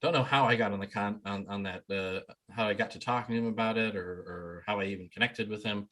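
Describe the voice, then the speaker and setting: A man's voice: on the low side, fast talker, bright, forceful tone. A man, a shamanic healer, telling his story casually in an interview, rambling with many ums and restarts. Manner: acts out quoted people in a livelier voice.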